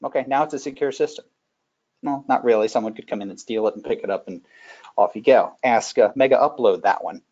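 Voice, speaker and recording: A man's voice: lowish voice, brisk. Folksy man presenting, muffled audio. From Northern Virginia. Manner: folksy, animated storytelling with asides. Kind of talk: conversational webinar presentation.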